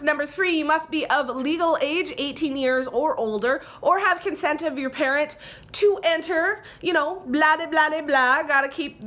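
Bright, high-voiced chatty woman vlogger. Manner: chatty and upbeat, explaining giveaway rules. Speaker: beauty YouTuber. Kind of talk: casual chat to camera.

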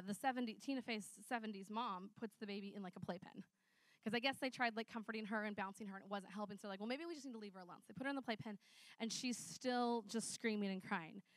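A woman preaching a conversational sermon, telling stories in a chatty, animated way with many fillers. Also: medium pitch, no echo.

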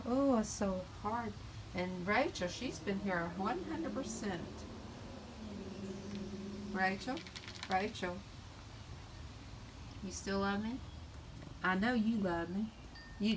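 A woman with a drawl coos and chatters at her cats in sing-song baby talk. She is recorded outdoors on a phone camera, with a faint hiss of outdoor noise behind her. Her pitch sits in the middle range. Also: poor audio. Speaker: vlogger. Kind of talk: casual pet vlog. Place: outdoors by a house.

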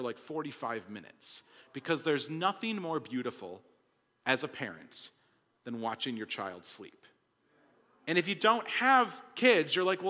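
A young man preaching a sermon to his congregation, talking casually and conversationally, swinging from loud emphasis to hushed storytelling. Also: on the high side. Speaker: pastor. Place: large church hall. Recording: long hall reverb.

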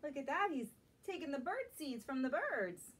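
A woman librarian reading a picture book aloud at a children's storytime, gentle and animated, stopping to ask the young listeners questions. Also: high-pitched, moderate pace. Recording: distant mic with faint background noise.

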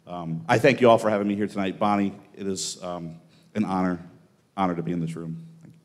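A tennis coach giving a memorial speech in a relaxed, reflective way, with frequent ums. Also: male voice, sits low, fast. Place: event hall.

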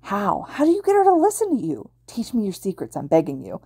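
A woman's voice: deep voice, sing-song, a little fast, darkish tone, dry recording, studio quality. A woman voicing an exasperated male teacher in a story read aloud. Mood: pleading. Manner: pleading, exasperated.

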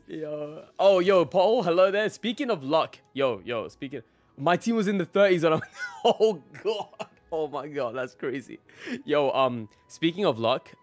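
A man's voice: fairly high pitch, expressive, unhurried, darkish tone, no room sound, soft background music. A young man live-streaming a game, casually greeting his chat by name and laughing often.

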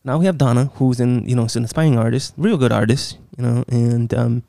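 A man's voice: medium pitch, steady tone, brisk, vocal fry, mellow, dry recording. Give me a sarcastic man ranting through a horror film plot in a dry, close recording. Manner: sarcastic, exasperated, swears often. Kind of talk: casual profane film recap.

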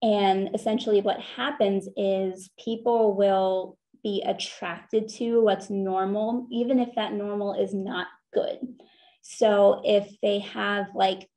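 A woman counselor giving an earnest, conversational talk on therapy at a church, slowing down to stress her points. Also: mid-range voice, darkish tone.

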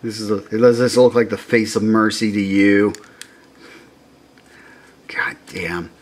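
A man gushing over toys in a casual unboxing vlog, excitable, with mumbled asides and swearing. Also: on the low side, normal speed. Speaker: toy unboxing vlogger.

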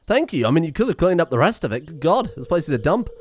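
A man's voice: a little high, sing-song, fast talker, darkish tone, a little hiss or hum. A young man, joking and sarcastic as he streams a game. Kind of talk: let's-play commentary.

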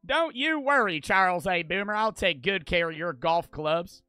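A man putting on a loud country drawl to voice a folksy older male golfer. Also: sits high, lively intonation, normal speed, smooth, no room sound, faint music behind. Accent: put-on American country drawl. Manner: loud, twangy, hammy.

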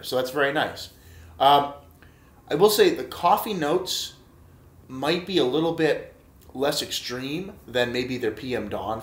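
Enthusiastic man reviewing beer, echoey room. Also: mid-range voice. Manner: enthusiastic, chatty, repeats himself and addresses viewers as guys. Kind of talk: casual beer review vlog.

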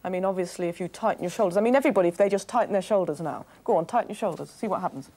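A woman's voice: lowish voice, very fast, warm tone. A woman voice coach leading a workshop on a TV studio stage, coaxing the audience through exercises.

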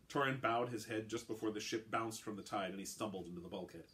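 A man's voice: on the low side, quick pace, fairly bright tone. Man reading fiction aloud. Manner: plain narrating, voices dialogue. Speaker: author.

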